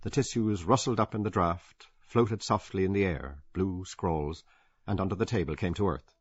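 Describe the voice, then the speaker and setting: A man narrating a literary audiobook with measured, varied emphasis. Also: deep voice, breathy edge, dry recording. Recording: dull, dry lo-fi audio.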